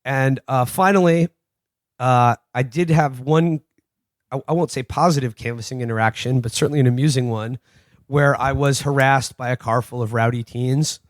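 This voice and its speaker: A man's voice: medium pitch, normal speed, no room sound. A male podcast co-host tells anecdotes in a loose, meandering way. He swears casually and keeps restarting his sentences. His voice sits in an ordinary middle range and is recorded dry and close. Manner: profane, rambling with repeated restarts. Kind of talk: casual chat, storytelling anecdotes.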